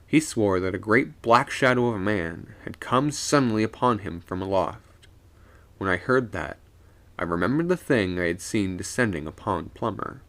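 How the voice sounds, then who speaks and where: Male storyteller, low gravelly voice with a bright edge, lively expressive reading of a spooky tale. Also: normal speed. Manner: expressive storyteller voicing each character. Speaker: streamer reading a ghost story.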